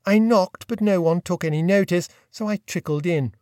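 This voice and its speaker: A man narrating an audiobook in a wry, expressive storytelling manner. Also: high voice, moderate pace, no echo, clean studio sound. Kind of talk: scripted narration.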